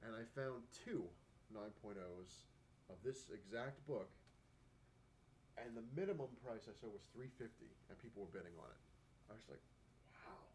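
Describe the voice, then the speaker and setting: A man's voice: lowish voice, expressive, moderate pace, a little mellow, slight background noise. A man vlogging casually about collecting comic books, rambling and chatty, with lots of fillers and acted-out quotes. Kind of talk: casual talking-to-camera vlog.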